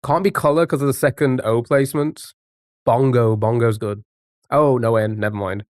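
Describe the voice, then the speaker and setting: A man's voice: mid-range voice, fairly even intonation, normal speed, darkish tone, no room sound, clean studio sound. A man streaming live, chatting casually with viewers and thinking aloud while guessing words. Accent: non-American English.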